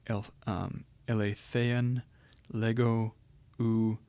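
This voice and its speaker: A man's voice: on the low side, flat delivery, drawn-out words, dark tone, clean tone, no room sound. A man teaching Greek grammar in a recorded lecture, explaining step by step with frequent ums and restarts.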